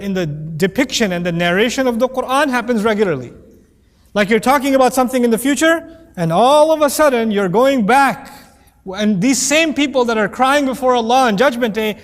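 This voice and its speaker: In a large hall, a man with a high-pitched voice lectures on Quranic Arabic. He is animated and playful, acting out quoted voices as he explains.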